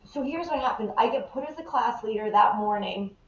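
A woman guest in a podcast interview, telling a story in a lively, animated way and acting out the people in it. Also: fairly high pitch, fairly quick, a little hiss or hum. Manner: animated, acts out the people in her stories. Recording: roomy, slightly dull sound.

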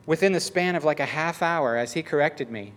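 A man preaching a storytelling sermon, acting out the dialogue in animated fashion. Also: fairly high pitch, a little fast.

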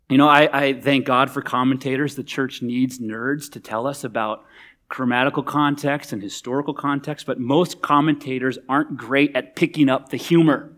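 A man's voice: mid-range voice, fairly even intonation, moderate pace, a bit bright. A man preaching a sermon in a conversational, humorous, emphatic way. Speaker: pastor.

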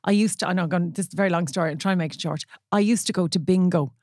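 A woman's voice: fairly low pitch, very fast, a little mellow, dry recording, studio quality. An Irish woman co-hosting a podcast, telling long stories in a chatty way and acting out the voices of the people in them. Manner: chatty storyteller who acts out quoted voices. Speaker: podcast co-host. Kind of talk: casual chat, storytelling.

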